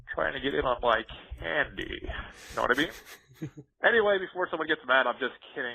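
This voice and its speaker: A man leaving an excitable, jokey voicemail for a podcast, acting out little scenes as he tells them, heard over a phone line. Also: medium pitch, creaky. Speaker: voicemail caller. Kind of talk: animated voicemail message.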